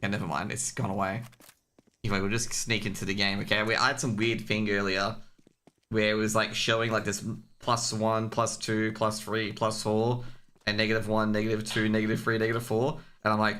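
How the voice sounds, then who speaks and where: A man with an Australian accent and a low-set but bright, cutting voice. He talks as a solo stream caster, rambling and joking between points. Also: little pitch movement, brisk, slight background noise. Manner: chatty, rambling, jokey. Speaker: esports caster. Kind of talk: casual solo stream commentary.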